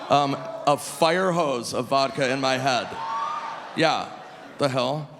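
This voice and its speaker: A male stand-up comedian performing live on stage, animated and shouting his punchlines high. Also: normal speed, noisy background. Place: large live comedy venue. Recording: live hall with long reverb, faint crowd ambience.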